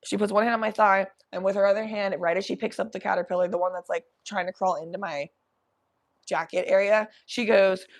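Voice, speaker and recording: A young adult woman hosting a podcast, telling a story in an animated, profane, laughing way. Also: medium pitch, fairly quick. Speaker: podcast host. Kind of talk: casual storytelling.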